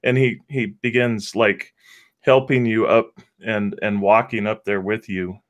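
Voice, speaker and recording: A man at a tabletop game narrating his character's moves. His voice is a bit low, and he talks in quick phrases that often restart. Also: steady tone. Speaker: player.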